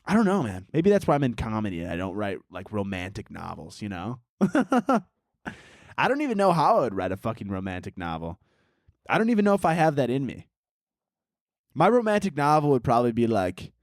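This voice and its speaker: A man's voice: mid-range voice, very animated, a little fast, no room sound, studio quality. A man hosting a solo comedy podcast, rambling goofily and slipping into mock-dramatic narration. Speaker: podcast host.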